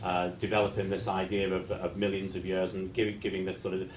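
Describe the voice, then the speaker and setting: Low-voiced male talk show host, roomy. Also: monotone, a little fast, a little hiss or hum. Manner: earnest, prompting the guest with long questions. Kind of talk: studio talk show discussion.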